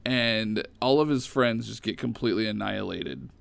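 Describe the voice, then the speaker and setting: A man casually retelling old comic stories in a rambling, animated way. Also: lowish voice, normal speed, creaky, clean tone, dry recording. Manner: rambling, animated storytelling with fillers.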